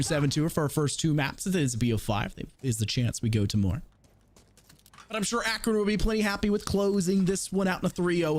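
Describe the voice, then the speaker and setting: Quick teasing male esports caster. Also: high voice, a little hiss or hum. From American South. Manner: quick and teasing, joking between plays. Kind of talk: play-by-play commentary.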